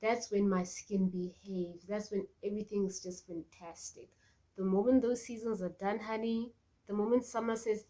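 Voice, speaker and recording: A young woman chatting casually in a vlog, animated and talkative, acting out little quoted exchanges. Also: mid-range voice, normal speed. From South Africa. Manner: chatty, animated, acts out quoted voices, laughs often. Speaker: beauty vlogger.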